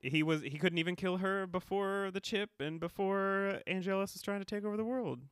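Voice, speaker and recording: A man co-hosting a casual podcast recap chat, animated and quick to laugh as he retells scenes. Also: high voice, smooth, no echo, studio quality. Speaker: podcast co-host.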